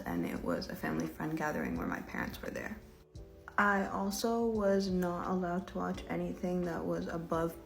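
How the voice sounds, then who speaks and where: A young adult woman softly listing things in a low-key, partly whispered voice-over. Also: gravelly. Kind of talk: casual get-ready-with-me voice-over.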